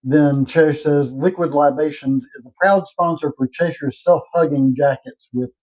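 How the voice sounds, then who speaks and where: A man's voice: on the high side, steady tone, moderate pace, a little mellow, poor audio. A man hosting a casual show, chatting and reading viewer comments aloud, laughing easily. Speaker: host.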